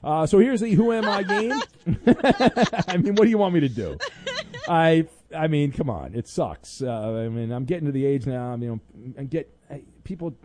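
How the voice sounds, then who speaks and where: A man's voice: on the high side, expressive, normal speed, warm tone, a little hiss or hum. A middle-aged man hosting a sports radio show, talking in a rambling, casual way with many fillers and wry asides.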